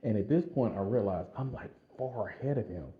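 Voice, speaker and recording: In a casual vlog, a man with a very deep voice shares a personal story at a brisk pace, animated and laughing often, leaning heavily on fillers. The audio is dull and slightly lo-fi.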